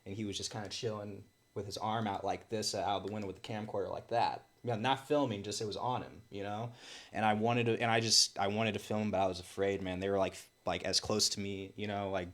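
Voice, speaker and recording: A man's voice: on the low side, fairly even intonation, a little fast, a bit bright. A man from Milwaukee, a guest in an interview, telling events in an earnest way with many fillers and restarts. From Milwaukee, Wisconsin. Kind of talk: casual interview talk.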